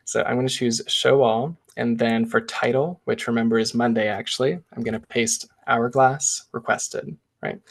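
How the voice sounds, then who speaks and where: Male presenter with a gravelly voice, casually talking through a screen demo. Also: medium pitch, steady tone, moderate pace, few pauses. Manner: casual step-by-step walkthrough, chatty asides. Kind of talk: live software demo.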